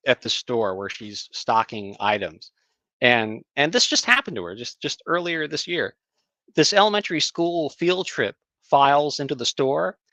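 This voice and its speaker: Bright-voiced man with a halting delivery. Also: a little high, dry recording, poor audio. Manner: halting, many fillers and restarts, chuckles. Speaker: guest, creative writing teacher. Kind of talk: casual conversation, anecdote.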